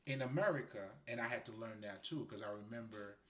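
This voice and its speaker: Fairly quick and fairly bright in tone, this low-ish male voice belongs to a man from Haiti offering laid-back spiritual guidance. He rambles and laughs often, and the room echoes noticeably.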